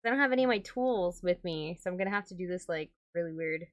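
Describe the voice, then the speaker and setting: A woman vlogging casually as she works on a doll with her hands, chatty and quick to exclaim. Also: fairly low pitch, animated, dry recording, clean studio sound. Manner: chatty, exclaims and laughs while working. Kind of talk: casual hands-on vlog talk.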